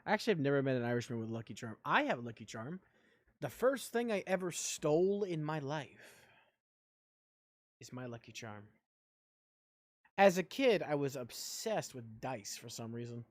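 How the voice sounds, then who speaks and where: A man's voice: medium pitch, very animated, normal speed, long pauses, dry recording. A man streaming a video game live, chatting in a joking, rambling way. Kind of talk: casual live-stream chat while gaming.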